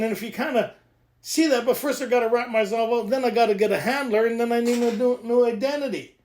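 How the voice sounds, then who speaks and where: A man leading a recovery workshop, joking, excitable and laughing often as he explains the reading. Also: very high voice. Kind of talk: animated teaching talk.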